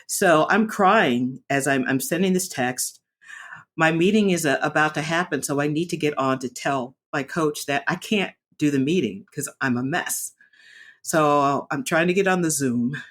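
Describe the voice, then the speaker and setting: A woman speaking candidly in a personal vlog, reflective and earnest, often pausing and restarting her sentences. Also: sits low, fairly bright tone. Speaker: vlogger sharing a personal story.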